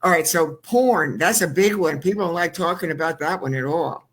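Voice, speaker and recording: A woman's voice: fairly low pitch, moderate pace. A woman hosting a talk show interview, blunt and opinionated, with a teasing edge. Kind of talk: casual interview chat.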